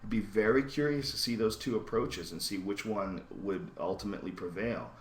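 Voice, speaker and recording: A man's voice: moderate pace, roomy sound. Profane, fired-up man ranting on a podcast. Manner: intense, profane, emphatic, swings between shouting and low asides. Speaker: podcast host. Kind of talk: profane animated podcast rant.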